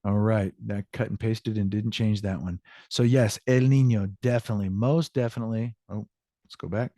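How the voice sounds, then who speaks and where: A man's voice: lowish voice, fairly even intonation, moderate pace, mellow, no room sound, studio quality. Chatty older man teaching class. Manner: chatty, upbeat explaining. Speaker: Spanish teacher. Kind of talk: classroom lesson.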